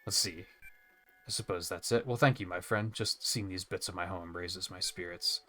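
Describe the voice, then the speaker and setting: Wistful old-world clan survivor from a game, a guy just reading it out, low-ish bright voice, faint music. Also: moderate pace. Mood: reflective. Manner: reads the game text aloud plainly. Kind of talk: reading game dialogue aloud.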